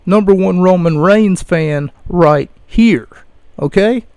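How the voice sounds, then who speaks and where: A man hosting a podcast rants in a sarcastic tone, with a gravelly voice. He talks slowly and deliberately, and the sound is dry and close to the mic. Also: high voice, darkish tone, dry recording. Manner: sarcastic and ranting. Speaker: podcast host. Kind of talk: ranting podcast commentary.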